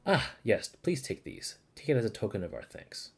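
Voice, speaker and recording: A man's voice: on the low side, huge pitch swings, moderate pace, gravelly, husky, exaggerated voice. A man reading a courteous village elder. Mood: grateful. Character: polite older village elder, grateful.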